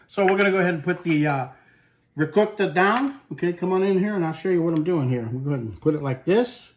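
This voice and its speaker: A man's voice: high voice, quick pace, slight background noise. Chatty man hosting a cooking demo. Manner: chatty, talks to the viewer, drops in Italian food words. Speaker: cooking show host. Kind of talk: casual cooking demonstration.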